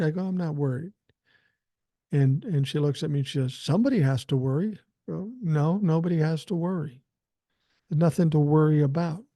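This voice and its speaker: A man's voice: a little high, warm tone, dry recording, clean studio sound. An older man hosting a podcast, talking in a blunt, profane and self-assured way. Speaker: podcast host. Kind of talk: casual political commentary.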